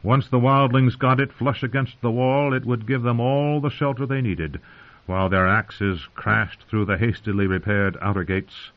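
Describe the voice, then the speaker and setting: A man reading a fantasy audiobook in a measured, grave storytelling manner. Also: mid-range voice. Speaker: audiobook narrator. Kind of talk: scripted fantasy narration. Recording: tinny phone-like audio.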